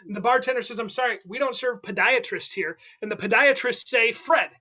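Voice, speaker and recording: Host: high, bright-voiced man running an online improv game, playful, dull lo-fi call audio. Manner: playful, quick, laughing asides.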